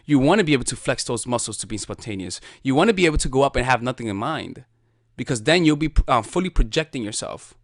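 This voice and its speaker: A man giving a casual spoken lesson as a dating coach, talking in a loose, animated way with frequent restarts and swearing. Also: mid-range voice, fast talker, no room sound, studio quality.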